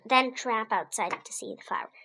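A woman's voice: on the high side, moderate pace, pushed and bright, slight background noise, rough recording. A woman reading a children's book aloud expressively, adding short asides to her listeners. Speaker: storybook reader.

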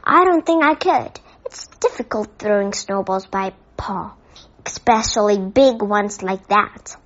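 A woman's voice: medium pitch, unhurried, fairly bright tone. A woman voicing a polite, earnest young male bear in a read-aloud storybook, in a dull, lo-fi recording.

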